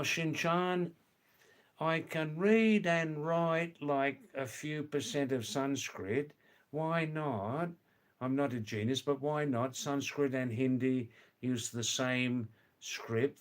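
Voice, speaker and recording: Male livestream host, slow, easygoing, mixes in foreign words. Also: medium pitch. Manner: slow, chatty, sprinkles words from several languages. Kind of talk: casual livestream chat.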